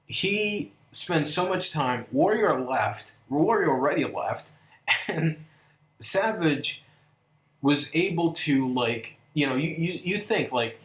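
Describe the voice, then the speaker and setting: A man's voice: fairly high pitch, lively intonation, takes it slowly, fairly bright tone. A man reviewing an old wrestling event, talking casually and enthusiastically, with many fillers and restarts. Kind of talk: casual video review commentary. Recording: echoey room.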